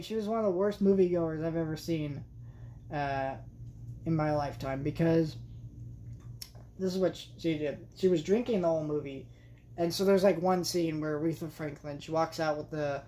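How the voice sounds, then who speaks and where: A woman's voice: deep voice, mellow, slight background noise. Young woman ranting in a movie vlog. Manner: exasperated, chatty, many fillers. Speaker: movie vlogger. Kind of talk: casual movie review rant.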